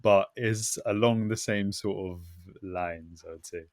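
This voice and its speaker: A man with a London accent co-hosts a relaxed podcast, using easy street slang. His voice sits low. The sound is dry and close. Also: measured pace, no room sound. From United Kingdom. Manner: relaxed, slangy, drops "innit" and "bruv". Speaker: podcast co-host. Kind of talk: casual podcast chat.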